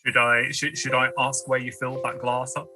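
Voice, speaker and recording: A man's voice: medium pitch, flat delivery, normal speed, bright, forceful tone, soft background music, poor audio. A man playing a tabletop horror game, chatting casually with stops and restarts.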